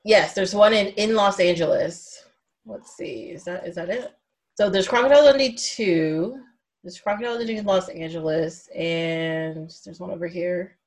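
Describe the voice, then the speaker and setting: A woman with a lowish voice in a relaxed movie conversation. She talks freely and laughs easily. Her voice often fades into soft, muttered asides. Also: moderate pace. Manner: chatty, laughs often, trails off into quiet asides. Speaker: podcast co-host. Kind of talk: casual chat about movies.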